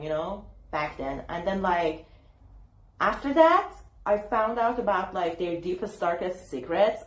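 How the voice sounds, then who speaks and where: A woman's voice: lowish voice, roomy sound, poor audio. A young woman talking casually to camera in an advice vlog, chatty and full of fillers, acting out what people said. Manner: chatty, lots of fillers, acts out quotes. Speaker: YouTuber.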